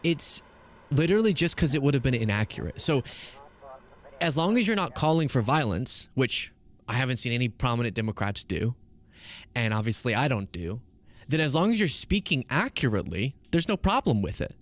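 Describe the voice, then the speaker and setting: A man's voice: medium pitch, big pitch swings, a little fast. Emphatic man in political commentary. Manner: emphatic, argumentative, sarcastic. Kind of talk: casual political commentary stream.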